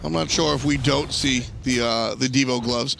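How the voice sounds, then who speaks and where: Bright, gravelly-voiced male esports caster. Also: medium pitch, steady tone, moderate pace, a little hiss or hum. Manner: analytical, chatty, self-correcting restarts. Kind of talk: live esports commentary.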